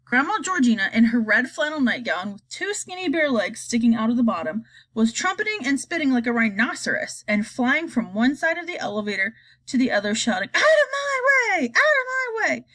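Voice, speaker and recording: A woman reading a children's storybook aloud, expressive and lively. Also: fairly high pitch, fairly quick, few pauses. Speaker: reader.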